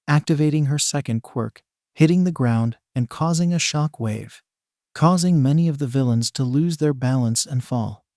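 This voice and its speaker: A man narrating a fan-fiction story in an even, steady storytelling read. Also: medium pitch, dry recording, studio quality.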